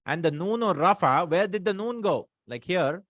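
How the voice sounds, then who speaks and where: A man's voice: high-pitched, lively intonation, normal speed, fairly bright tone, no room sound. Man teaching Arabic grammar, dry sound. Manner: explains patiently, mixing English and Arabic, checks with "hmm?" and "right?". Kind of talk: online grammar lesson.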